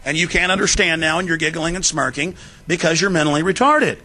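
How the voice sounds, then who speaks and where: A man hosting a talk show, delivering rapid, forceful political commentary with heavy emphasis. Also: a little high.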